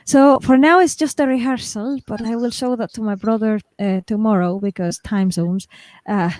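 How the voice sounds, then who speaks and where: A woman chatting cheerfully about her writing progress, laughing easily and pausing with fillers. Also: on the high side, steady tone, darkish tone, no echo. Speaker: guest writer. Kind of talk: casual chat.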